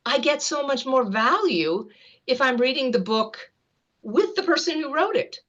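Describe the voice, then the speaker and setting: A woman's voice: sits high, moderate pace, muffled recording. A woman guest on an interview show, vividly recounting a personal experience in a conversational storytelling manner. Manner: vivid, animated anecdote-telling with light laughter. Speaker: guest author.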